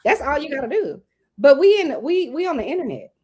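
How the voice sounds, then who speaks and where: A woman's voice: sits high, very animated, fairly quick, a little mellow. A woman hosting a casual online panel chat, talking bluntly and profanely about online drama. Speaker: host.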